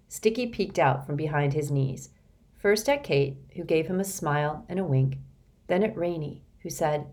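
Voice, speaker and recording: A woman narrating a children's novel in a steady, expressive reading. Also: sits low, normal speed. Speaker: audiobook narrator. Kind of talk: storybook narration.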